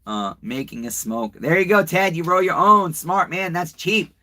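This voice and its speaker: A man with a high, pushed, bright voice talks at a moderate pace while hosting a casual livestream. He rambles, swears, and chats straight to his viewers, reading comments and telling a story.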